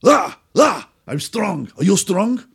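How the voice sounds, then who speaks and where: A man voicing a very drunk, muscly Eastern European man with a put-on Eastern European accent and slow, broken English. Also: high voice, big pitch swings, vocal fry, husky, voice pushed up, full character voice. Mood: boisterous.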